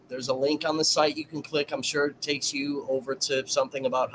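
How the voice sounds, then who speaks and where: A man's voice: mid-range voice, little pitch movement, brisk, hardly any pauses, fairly bright tone, a little hiss or hum, rough recording. A man hosting a casual livestream, chatting to his viewers and commenting on a trial. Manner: chatty, addresses viewers directly.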